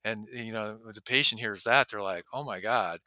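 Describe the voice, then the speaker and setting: A man's voice: fairly low pitch, normal speed, sharp tone, no room sound. A man hosting a dental interview show, chatting casually and acting out the phone calls patients get. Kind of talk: conversational interview.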